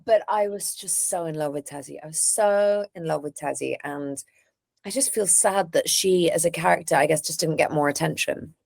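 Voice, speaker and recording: A woman voice actor as an interview guest, candid and animated, laughing often. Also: deep voice, moderate pace, gravelly, no room sound, clean studio sound. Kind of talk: casual interview chat.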